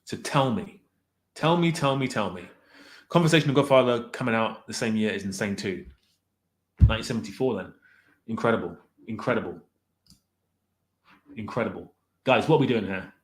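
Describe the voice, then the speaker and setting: A man's voice: on the low side, expressive, moderate pace, long pauses. Rambling man chatting to a stream. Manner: rambling, self-correcting, exasperated with chat. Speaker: streamer ranking directors with live chat. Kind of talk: casual livestream chat.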